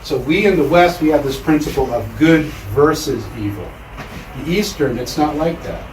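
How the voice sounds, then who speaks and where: A man giving a storytelling lecture in a measured way with deliberate pauses, in a lecture room. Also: on the high side, slight background noise. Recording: roomy hall, mic far off.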